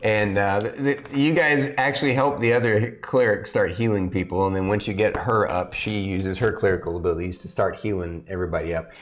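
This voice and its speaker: A man narrating as game master for a tabletop game, halting with many restarts. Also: fairly low pitch, fairly even intonation. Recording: faint background music.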